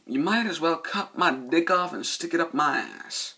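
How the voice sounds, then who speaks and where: A man's voice: fairly high pitch, normal speed, husky. A man doing a casual, rambling movie review, cursing a lot and losing his train of thought. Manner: profane, excitable, loses his train of thought.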